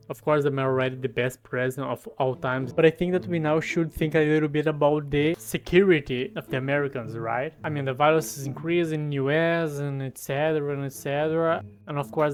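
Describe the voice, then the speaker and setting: A Brazilian man with Portuguese as his first language, giving mock-pompous, crude comedic commentary in a deadpan boasting manner. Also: fairly high pitch. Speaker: comedy video creator. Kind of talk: comedic commentary while editing a map.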